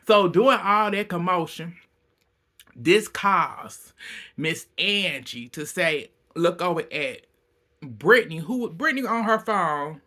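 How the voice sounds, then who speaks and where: A man giving a casual, animated recap of a reality show, laughing often and speaking bluntly with plenty of profanity. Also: sits high, slow pace.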